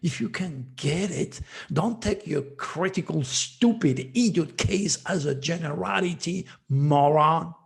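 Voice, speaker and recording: A man's voice: on the high side, animated, a little slow, vocal fry. A man hosting his own channel as an astrologer, speaking in an emphatic, repetitive monologue that scolds his listeners.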